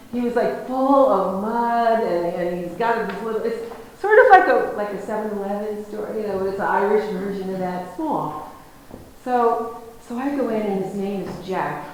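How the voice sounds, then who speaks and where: A woman's voice: mid-range voice, lively intonation, moderate pace, darkish tone. A woman from the United States telling a personal story as a guest lecturer, rambling and restarting her sentences. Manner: rambling, self-interrupting, many restarts. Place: lecture hall. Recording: very echoey hall, faint noise.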